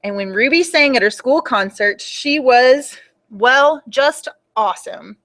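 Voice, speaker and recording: A young woman reading a picture book aloud for children at storytime, in an animated and expressive way. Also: high-pitched, a little slow.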